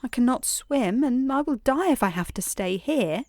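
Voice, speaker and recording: A woman voicing a tearful little girl in a bedtime story, speaking in a high, plaintive voice. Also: very animated, moderate pace, gravelly, no room sound, studio quality. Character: tearful little girl who cries constantly.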